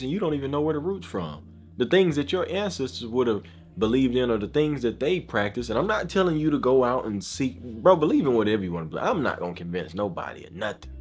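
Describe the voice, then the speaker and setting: A man's voice: medium pitch, very animated, fast talker, husky. A man vlogging a casual opinion rant, emphatic and slangy, often saying bro and asking if you know what he's saying.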